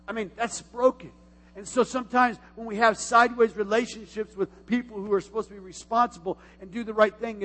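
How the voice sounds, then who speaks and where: A middle-aged man preaching from the pulpit in a high, ringing voice, carried by a long church-hall reverb. He drops to near-whispered asides, then bursts out loud. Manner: animated preaching, swinging from quiet asides to loud exclamations. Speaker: pastor. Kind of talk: sermon. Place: church sanctuary.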